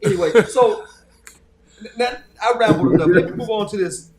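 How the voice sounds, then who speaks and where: A man hosting a casual discussion, talking in an animated, joking way with many restarts. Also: sits high, a little fast, echoey room, a crowd in the background. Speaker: podcast host.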